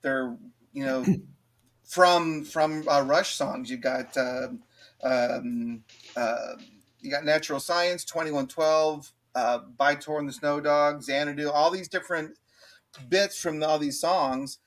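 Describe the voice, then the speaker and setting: A man co-hosting a podcast, reviewing an album with many pauses and restarts but plenty of enthusiasm. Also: fairly high pitch, fairly bright tone. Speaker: podcast co-host. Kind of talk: casual album review chat.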